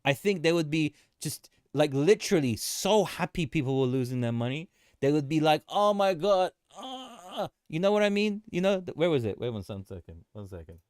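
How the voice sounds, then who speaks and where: A man hosting a casual market commentary livestream, animated and joking, often repeating himself and laughing. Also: fairly high pitch, fairly quick, no echo, clean studio sound. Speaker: livestream host.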